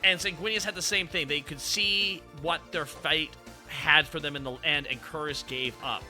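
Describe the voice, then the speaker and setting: A man hosting a casual ranking stream, telling stories in an excitable, profane rush. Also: on the high side, faint music behind. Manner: excitable, profane, fast storytelling. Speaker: streamer host.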